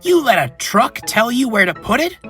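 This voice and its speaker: A man's voice: very high-pitched, very animated, moderate pace, sharp tone, soft background music, pitched above the performer's own voice, full character voice. A man voicing Bill, a quarrelsome young male tank engine twin who squawks, in a storybook reading.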